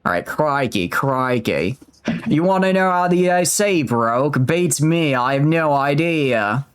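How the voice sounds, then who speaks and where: Brief: crude, drawling Aussie cafe owner, raised pitch, swears nonstop, played by a man. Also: expressive, slow, smooth. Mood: brash. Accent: Australian, as put on. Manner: swears constantly, brash and drawling. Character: crude, laid-back male cafe owner with an Australian accent.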